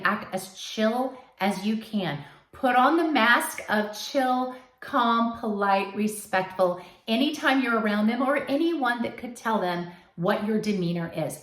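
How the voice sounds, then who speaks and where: A woman coaching her listeners firmly in a direct advice talk, sometimes acting out what they might say. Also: on the high side. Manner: firm, coaching, acts out quoted lines. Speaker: advice host. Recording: echoey room.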